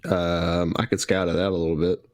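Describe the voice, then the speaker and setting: A man's voice: sits low, flat delivery, moderate pace, no echo. A man playing a tabletop game over an online call, brief and matter-of-fact. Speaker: player. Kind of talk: casual game chat.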